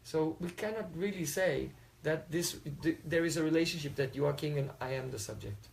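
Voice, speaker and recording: A man acting out a serene young sage in a spoken story. He reasons calmly and philosophically, in a fairly high voice close to his own. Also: brisk, creaky, slight background noise, poor audio. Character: calm, detached young male sage.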